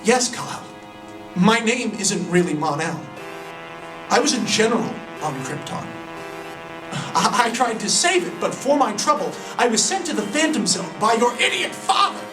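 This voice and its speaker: A man voicing a scheming male alien general, smug and grandiose, in a casual story pitch. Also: very animated, moderate pace, echoey room, far from the mic, over music, rough recording.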